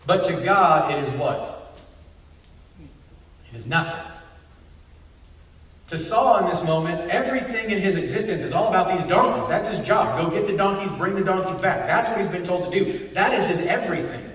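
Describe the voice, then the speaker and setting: A man's voice: high voice, a bit bright. A man preaching a Bible study sermon, often asking rhetorical questions and adding "right?". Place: church hall. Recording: echoey hall, voice from far off.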